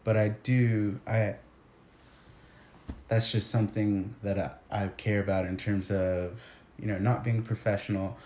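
A man's voice: on the low side, little pitch movement, a little slow, dark tone. A man teacher talking casually and reflectively, often hesitating and restarting sentences. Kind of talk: casual conversation. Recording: echoey room with faint noise.

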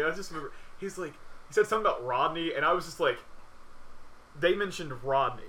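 Fast, bright-voiced excitable young man. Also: slight background noise. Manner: excitable storyteller, bursts into high animated pitch. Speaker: co-host. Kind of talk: casual chat.

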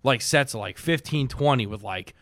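A man's voice: medium pitch, moderate pace, a bit bright, no room sound, clean studio sound. A young man hosting a podcast, talking in a rambling, laid-back way, full of "like" and casual swearing. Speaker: podcast host.

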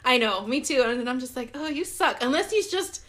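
A woman's voice: sits high, animated, brisk, fairly bright tone. Chatty young woman telling a story. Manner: chatty, many "like"s, acts out quoted dialogue. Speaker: podcast co-host. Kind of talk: casual storytelling chat.

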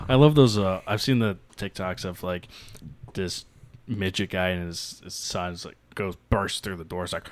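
A man co-hosting a podcast in casual chat, excitable, laughing often and swearing freely. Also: deep voice, moderate pace. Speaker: podcast co-host.

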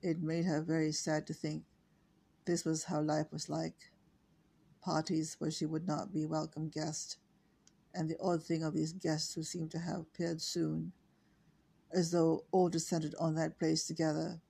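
An author reads their own book aloud in a steady, flat voice. The tone is gravelly, husky and dark, and the asides between parts are hesitant and full of fillers. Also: mid-range voice, measured pace. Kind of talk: audiobook reading.

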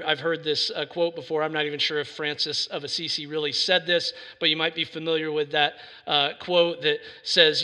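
A man's voice: on the high side, bright, forceful tone. A man giving an earnest sermon as a pastor, building to emphatic preaching. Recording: reverberant hall sound.

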